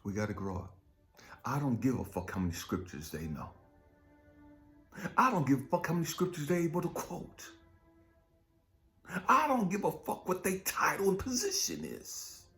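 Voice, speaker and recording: A man preaching an impassioned spiritual pep talk as a life coach, profane and confrontational, firing rhetorical questions and dropping from shouted rants to low muttering. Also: big pitch swings, moderate pace, long pauses, faint music behind. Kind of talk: impassioned motivational preaching monologue.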